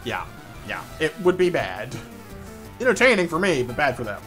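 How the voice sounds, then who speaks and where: A man live-streaming a game and reading chat aloud, talking fast and excitably, stuttering and repeating words, laughing often. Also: a little high, soft background music.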